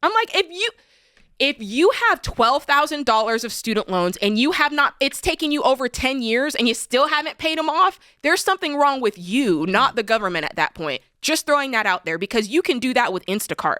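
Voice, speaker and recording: A woman in her thirties co-hosting a talk show, animated and emphatic, often saying "like" and "listen". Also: high voice, a little fast, no room sound, studio quality. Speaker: co-host. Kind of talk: casual talk show chat. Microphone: studio microphone.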